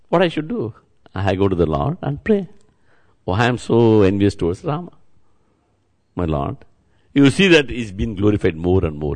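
A man giving a devotional sermon as a spiritual teacher, repeating words and chants and speaking straight to his listeners. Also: lowish voice. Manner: repetitive, chant-like, addresses listeners directly.

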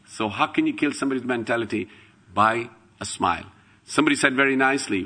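A man's voice: medium pitch, fast talker. A man giving a devotional talk to a congregation, telling anecdotes and acting out the people he quotes. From England. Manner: lively storytelling, acts out quoted voices, rises to loud chanting. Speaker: temple speaker.

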